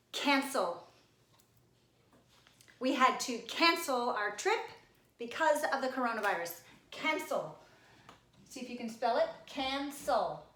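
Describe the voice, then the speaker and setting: A woman teacher giving a recorded spelling lesson, playful and teasing, sounding words out slowly. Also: fairly high pitch, fairly bright tone, reverberant.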